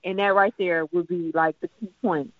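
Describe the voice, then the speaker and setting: In a casual chat on a dry, tinny line that sounds like a phone, a woman with a lowish voice talks at a moderate pace with no echo. She's animated and laughs a lot, often slipping into little acted-out voices.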